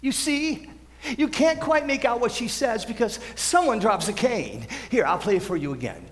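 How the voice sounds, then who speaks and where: A man's voice: very high voice, animated, normal speed, noisy background. A young man as a rambling, confiding narrator on a big stage. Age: teens. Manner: rambling, confiding, self-interrupting. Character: lonely, wistful man narrating to the audience. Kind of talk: high school stage musical. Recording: stage mic in a reverberant auditorium.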